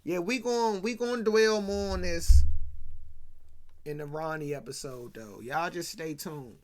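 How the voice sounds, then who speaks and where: A show host doing an animated, slangy recap of a film, acting out the characters' lines and swinging between hushed asides and loud bursts. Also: medium pitch, a little slow. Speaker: host of a movie commentary channel.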